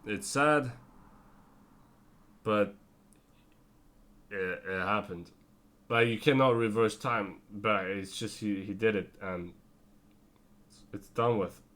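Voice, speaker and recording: A tired man giving a casual spoken TV review, rambling with lots of fillers and self-corrections and slipping into quick character impressions. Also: fairly low pitch, fairly bright tone. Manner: breaks into brief character impressions. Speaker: TV show reviewer.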